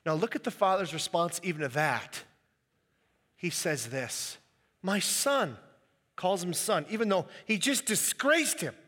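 A man preaching a sermon as pastor, animated and acting out the quoted voices. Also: high voice, unhurried, in a large hall.

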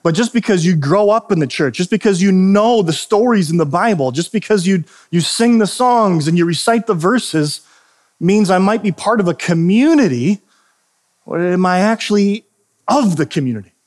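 A male pastor delivers a sermon in a church in an easygoing, conversational manner. His voice sits a little high for a man. He stumbles, restarts and throws in self-deprecating asides as he goes. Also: expressive, moderate pace, darkish tone.

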